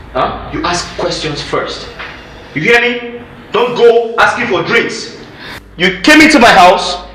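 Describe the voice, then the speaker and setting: An actor with a Nigerian English accent playing a stingy home owner who harshly scolds and lectures a guest, repeating himself. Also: male voice, high-pitched, pushed and bright, a little hiss or hum, full character voice. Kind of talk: film drama acting. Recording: echoey room.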